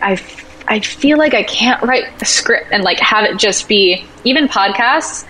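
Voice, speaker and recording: A woman talking casually as a podcast guest, animated, acting out quoted voices as she tells stories. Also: medium pitch, a little slow, faint music behind, poor audio. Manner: animated storyteller, acts out quotes. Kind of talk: casual conversation.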